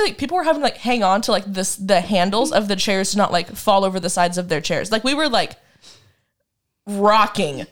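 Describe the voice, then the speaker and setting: A woman's voice: on the high side, fairly bright tone. A woman in her twenties chatting casually as a podcast co-host, telling a rambling, dramatic story full of laughs. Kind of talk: casual chat.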